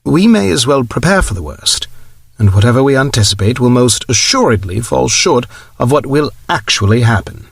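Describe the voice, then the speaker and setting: A man reading as a calm British-accented commissar woman. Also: medium pitch, normal speed, vocal fry, breathy edge, no room sound, heavily acted. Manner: calm, formal. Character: calm measured female commissar.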